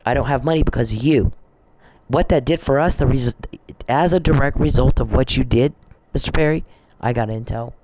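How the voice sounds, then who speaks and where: A woman's voice: rumbling low, mellow, a little hiss or hum. A middle-aged woman in a casual monologue, agitated, swearing and rambling as she vents. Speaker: vlogger.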